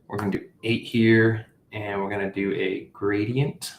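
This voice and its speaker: A gravelly, lowish male voice with little pitch movement comes at a measured pace, echoing in the room over slight background noise. He hosts a live app-building stream in a casual coding walkthrough. He works through it aloud with fillers and self-corrections.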